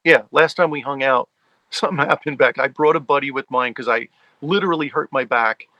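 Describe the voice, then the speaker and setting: A man's voice: medium pitch, a little fast, pushed and bright, no room sound, dull audio. A man from the US tri-state area telling stories in a casual sit-down conversation, with many fillers. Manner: chatty storyteller, many fillers. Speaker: guest, fan and collector.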